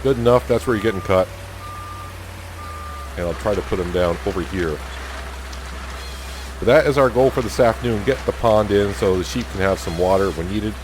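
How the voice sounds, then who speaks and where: A man hosting a casual let's-play, talking through his farm chores in an easygoing, self-deprecating way and thinking out loud. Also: lowish voice, moderate pace, long pauses, noisy background. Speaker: gaming channel host.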